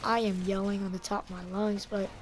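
A young woman commentating her own shooter gameplay, sick and with an upset stomach, yelling in frustration and then calming down. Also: medium pitch, brisk, background noise. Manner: yells in frustration, then calms down. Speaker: gaming YouTuber.

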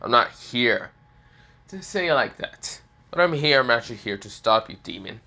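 A man's voice: medium pitch, expressive, normal speed, bright, forceful tone. A man voicing a smug, condescending teenage rival who keeps watch on his old enemy.

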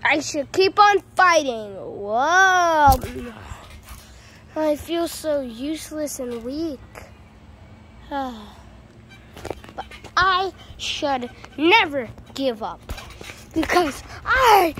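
A woman voicing Sonic as a toy hedgehog who sighs, wavers and gives up, over steady background noise. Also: high voice, heavily acted. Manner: dramatic, sighing, then quitting.

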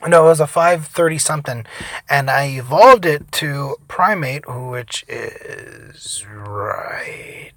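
A tired young man giving casual, profane gameplay commentary, rambling between loud outbursts and mumbled asides. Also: fairly high pitch, normal speed. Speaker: gaming vlogger.

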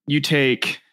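A man's voice: fairly bright tone, no room sound. Young male game master, loose and rambly, dry close sound. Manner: casual, halting, laughs at his own descriptions. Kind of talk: narrating a tabletop game.

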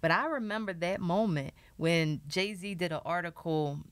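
Lower-voiced woman telling stories, dry sound. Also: moderate pace, clear, resonant tone, dry recording. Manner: animated storyteller, lots of "like". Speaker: podcaster. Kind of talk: casual chat.

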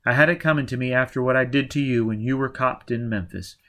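A man reading an audiobook, voicing a nervous retired crook who talks in a gruff, blustering way. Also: mid-range voice, fast talker, fairly bright tone, close to an everyday voice. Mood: weary.

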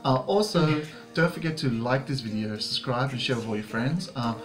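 A man's voice: mid-range voice, expressive, normal speed. A man co-hosting a music video reaction, talking in an easygoing, filler-heavy way and wrapping up with channel plugs. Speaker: YouTube reaction co-host. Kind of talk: casual reaction chat. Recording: music video playing loudly behind.

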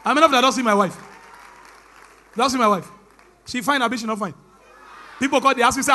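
A young man with a Nigerian accent tells stand-up stories to a church crowd. His voice sits very high and sounds bright and forceful. He switches into pidgin and shouts his punchlines. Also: fast, pauses often. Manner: animated storytelling, mixing pidgin, shouting punchlines. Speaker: stand-up comedian.

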